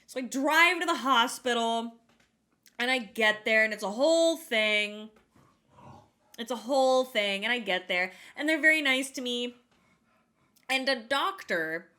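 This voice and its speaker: Young woman co-host, bright and slightly high voice, lively self-mocking storyteller. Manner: animated, self-mocking, acts out quotes. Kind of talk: casual storytelling chat.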